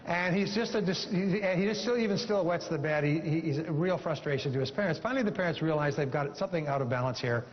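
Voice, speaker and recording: A man's voice: on the high side, quick pace, few pauses, a little hiss or hum. A man speaking from a seminar stage, emphatic and repetitive, telling a story to drive home a point. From Canada. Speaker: motivational speaker. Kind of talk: seminar talk with a told joke. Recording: dull recording in a large hall.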